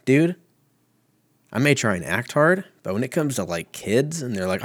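A man's voice: medium pitch, sing-song, normal speed, no echo, studio quality. A man in his thirties hosting a casual solo podcast from home, rambling and swearing with a self-mocking manner. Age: 30s. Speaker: podcast host.

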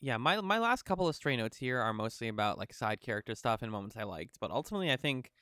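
Casual male podcast co-host, smooth clear voice, dry close mic, rambly with lots of "like". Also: mid-range voice, quick pace, no echo. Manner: rambling, filler-heavy, animated impressions. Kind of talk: casual chat.

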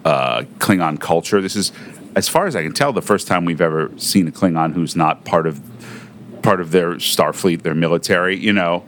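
Male co-host, very low pitch with lively movement, thoughtful, faint background noise. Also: moderate pace. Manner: thoughtful, corrects details. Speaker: podcast co-host. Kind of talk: casual chat.

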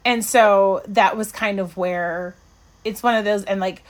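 A woman co-hosting a podcast in loose, casual conversation, her voice sitting at an ordinary middle pitch. She talks in an animated, rambling way, full of fillers and restarts, and jumps up high when she gets excited. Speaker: podcast co-host. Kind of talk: casual chat reviewing an episode.

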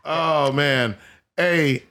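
A man's voice: on the high side, extremely slow, sharp tone. A man in casual chat, teasing his co-hosts playfully. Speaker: podcast co-host.

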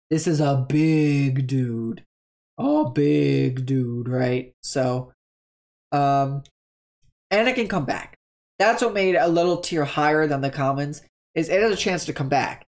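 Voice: medium pitch, unhurried. A tabletop game creator casually explaining monster stats in a chatty, rambling way, often stopping to correct themselves.

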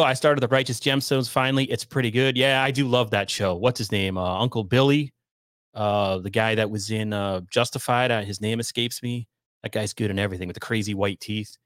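A man's voice: medium pitch, fairly bright tone, no echo, studio quality. A man hosting a casual livestream from his basement, chatting and reading viewer comments aloud. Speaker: podcast host. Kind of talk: casual livestream chat, reading super chats. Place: home basement.

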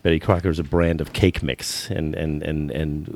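Rumbling low and flat, with vocal fry and a darkish tone, the voice belongs to a sixty-something US man telling stories at a normal pace during a podcast interview. He consults on the football business, and he keeps repeating words and restarting.

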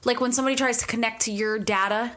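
A young woman co-hosting a casual podcast, telling quick stories and laughing often. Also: fairly high pitch, steady tone, fairly bright tone. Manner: chatty, quick storyteller who laughs a lot. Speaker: podcast co-host. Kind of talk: casual chat.

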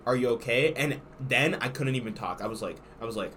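A man's voice: medium pitch, lively intonation, fairly quick, bright, forceful tone, a little hiss or hum. A young man hosting a podcast in casual chat, telling a rambling story full of crude slang. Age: young adult. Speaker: podcast host.

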